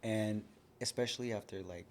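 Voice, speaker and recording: A man's voice: fairly low pitch, steady tone, normal speed, creaky, a little hiss or hum. A man in his thirties, a podcast guest telling his own story frankly in a casual, conversational way. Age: 30s. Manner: frank, conversational, lots of "like" fillers. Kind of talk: candid personal storytelling.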